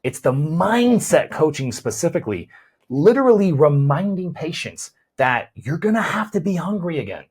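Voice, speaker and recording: A man's voice: a little high, very animated, moderate pace, darkish tone, breathy edge. A man, a chiropractor hosting a podcast, explains weight loss in a conversational way, often repeating words as he thinks and checking in with "right?".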